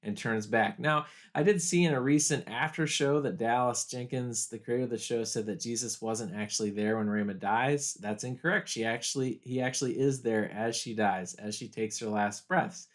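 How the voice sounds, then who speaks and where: A pastor talking through a TV episode in a video study guide, earnest and reflective, slowing down to weigh key moments. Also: male voice, mid-range voice. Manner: earnest, reflective, slows down for quoted lines.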